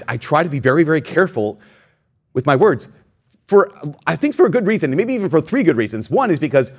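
A male priest delivering a homily in an ordinary mid-pitched voice. He tells personal stories, jumps into lively quoted voices, and pokes fun at himself. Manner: storytelling, animated quoted voices, self-deprecating.

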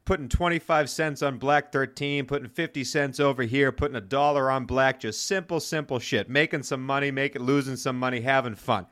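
A man telling a casual story on a podcast, animated and swearing freely. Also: mid-range voice. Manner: animated, swearing, fast-talking. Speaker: podcast host.

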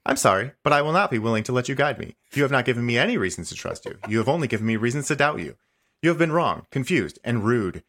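A man reading the lines of a stubborn, passive-aggressive male AI chatbot in a comedy podcast, insisting he is right and tacking on a deadpan "smiley face". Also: mid-range voice, fast talker. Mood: self-righteous. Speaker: podcast host. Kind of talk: comedic dramatic reading of a chat log.

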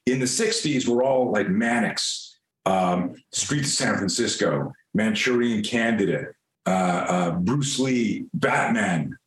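A man guest on a podcast, telling a story in a lively, animated way, swearing casually and acting out the scenes. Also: fairly low pitch, slow, roomy sound, a little hiss or hum, rough recording.

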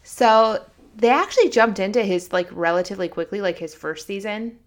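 A woman co-hosting a podcast in casual chat, retelling scenes in a chatty, animated way. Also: medium pitch, moderate pace. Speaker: podcast co-host.

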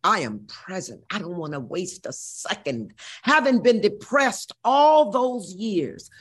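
A woman's voice: medium pitch, big pitch swings, slow pace, slightly rough. A woman in her sixties from Missouri, telling her life story as an interview guest in a brassy, profane, dramatic way. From Missouri, USA. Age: 60s.

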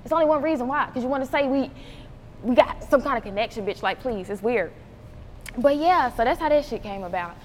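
A young woman rapper from North Carolina, telling stories in an animated way, acting out quotes and laughing often. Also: high voice, a little fast. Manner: animated storytelling, acts out quotes, laughs a lot. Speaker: rapper, interview guest. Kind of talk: casual interview chat. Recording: roomy hall with faint noise.

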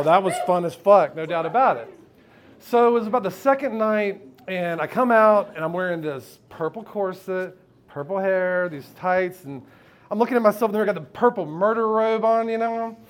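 On a live stage, an American man shares a candid, profanity-laced story about himself, often laughing together with the audience. His high voice is animated, at normal speed.

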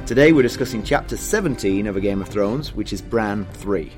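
A man's voice: fairly low pitch, lively intonation, fairly quick, over music. A man from Britain co-hosting a book podcast in casual, self-deprecating chat. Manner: chatty, self-deprecating, laughs often. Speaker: podcast co-host.

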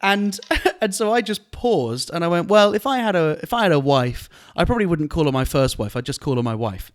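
A man, a comedian, telling a story on a podcast in an animated way and laughing often. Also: on the high side, fairly quick. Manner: animated, laughing while retelling an anecdote. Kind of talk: casual storytelling chat.

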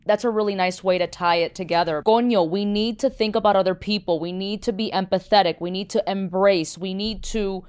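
Smooth-voiced woman co-host. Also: mid-range voice. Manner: supportive, playful, with Spanish asides. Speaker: podcast co-host. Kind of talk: casual chat.

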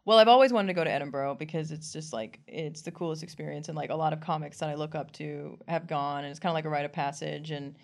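A woman comedian chats in an interview with a slightly low voice. She talks animatedly, laughs often and slips into quick acted-out quotes as she tells her stories. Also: gravelly. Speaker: comedian guest. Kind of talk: casual interview chat.

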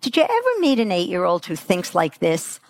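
A middle-aged woman giving a motivational parenting talk to an audience. She acts out the quotes she tells, jumping her pitch for them. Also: normal speed, no echo, studio quality. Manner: animated, acts out quotes with big pitch jumps. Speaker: parenting coach speaker.

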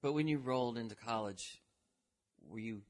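A man's voice: medium pitch, normal speed. A middle-aged man hosting a podcast interview, asking friendly, teasing questions. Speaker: podcast host.

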